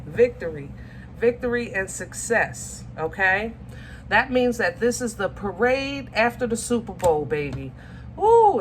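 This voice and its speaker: Woman, tarot reader, casual and affectionate, mid-pitched voice, gropes for words, faint hum behind. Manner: chatty, affectionate, calls viewers baby and y'all; searches for words, many ums and restarts. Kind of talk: casual tarot reading to viewers.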